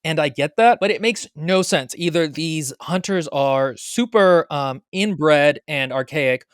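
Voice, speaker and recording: A podcast co-host chatting casually in a book review, opinionated and quick to correct details. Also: mid-range voice, dry recording, studio quality.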